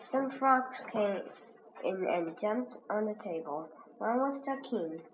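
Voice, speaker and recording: A woman slowly reading a children's reader aloud as a lesson, pronouncing each word with care. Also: medium pitch, lively intonation. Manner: slow, careful, clearly pronounced. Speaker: reading teacher. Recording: dull lo-fi recording with faint hiss.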